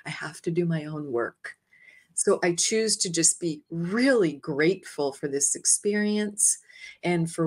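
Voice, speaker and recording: A woman, an interview guest, animatedly telling a personal story and often acting out her own words with light laughter. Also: deep voice. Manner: animated, expressive, often quoting herself; laughs lightly while speaking. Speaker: interview guest, energy healer.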